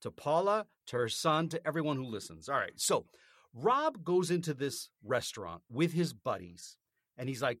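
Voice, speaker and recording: A North American podcast co-host tells a story as a casual, indignant rant, swearing freely. His voice is on the high side, very animated, and a little fast. The studio-quality recording has no room sound.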